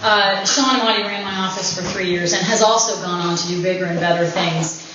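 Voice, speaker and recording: A woman's voice: fairly low pitch, fairly even intonation, a little fast, noisy background. A woman giving an informal speech at her anniversary party in a winery event room, joking and laughing often. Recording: very echoey, dull room recording with ambience.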